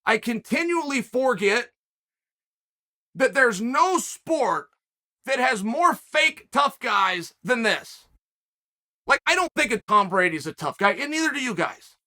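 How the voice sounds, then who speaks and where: A little slow but with big pitch swings, this man's very high-pitched voice sounds pushed and bright. On his own commentary show he gives an animated solo rant, emphatically posing rhetorical challenges to the audience.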